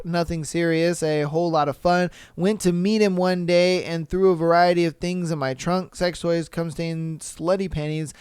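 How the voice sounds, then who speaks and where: A man's voice: sits high, clean tone, no echo, clean studio sound. A man hosting a podcast, reading listener stories aloud and reacting in a laid-back, chatty way with crude jokes. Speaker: podcast host.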